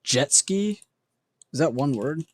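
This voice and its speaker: A man's voice: a little high, expressive, takes it slowly, no room sound. A man hosting a casual livestream, muttering word guesses to himself and reacting to chat with self-mocking remarks. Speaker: livestream host.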